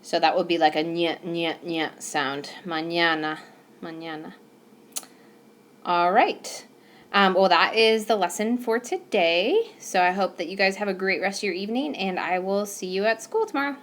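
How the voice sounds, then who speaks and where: A woman's voice: mid-range voice, expressive, normal speed, a little hiss or hum. A woman teacher explaining a recorded whiteboard lesson patiently, with some fillers. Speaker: Spanish teacher. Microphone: tablet microphone.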